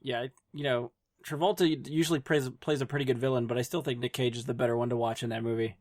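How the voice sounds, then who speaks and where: Fast-talking man in casual chat. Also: medium pitch, steady tone, darkish tone, no echo, clean studio sound. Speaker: podcast guest.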